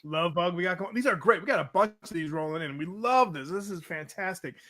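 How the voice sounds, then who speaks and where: A man's voice: sits high, animated, brisk, sharp tone. A man co-hosting a casual show, reading listener comments with enthusiasm and frequent laughter. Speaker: podcast co-host.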